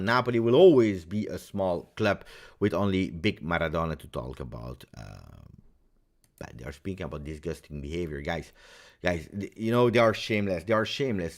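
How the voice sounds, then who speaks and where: A man hosting a fan live stream, ranting heatedly and repeating himself for emphasis. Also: low-pitched. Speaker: fan channel host.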